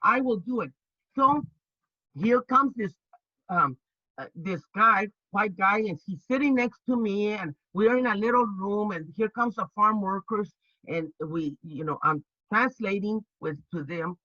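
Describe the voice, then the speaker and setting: An older woman, a labor organizer, telling her stories in an interview with lively energy, stumbling and restarting often and acting out the voices she quotes. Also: mid-range voice, no echo, highs cut off. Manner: animated, halting with many restarts, acts out quoted voices. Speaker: labor organizer and activist guest. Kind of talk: storytelling interview.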